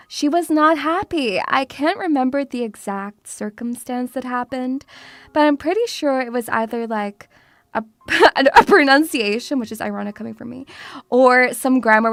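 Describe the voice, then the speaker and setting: A woman's voice: a little high, fairly bright tone, no echo. A woman from Russia chatting casually as a VTuber streamer, teasing and playful, calling her viewers sweetie. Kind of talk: casual chat.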